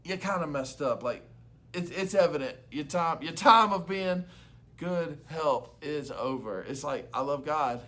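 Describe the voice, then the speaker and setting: A young adult man, a youth pastor, giving an energetic, loud and chatty devotional talk to camera. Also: a little high, measured pace.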